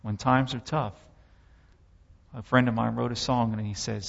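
A man's voice: medium pitch, fairly even intonation, normal speed, vocal fry, pauses often, a bit bright, long reverb tail, lo-fi sound. A man giving a sermon testimony, telling his story with impassioned, dramatic swells.

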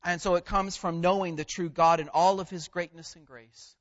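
A man preaching a sermon, measured and emphatic, pausing on key words. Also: sits high, steady tone, highs cut off.

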